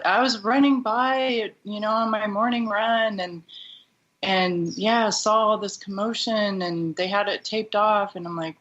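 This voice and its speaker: A woman with a bright, forceful voice retells a painful memory, halting and restarting as the feeling catches up with her. The audio is a bit muffled and lo-fi, like talk radio. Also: mid-range voice, steady tone. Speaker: guest. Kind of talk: personal storytelling.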